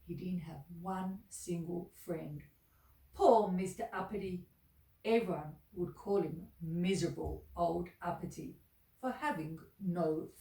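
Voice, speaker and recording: A woman reading a children's story aloud in an expressive, sing-song way. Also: on the low side. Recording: echoey room, mic at a distance.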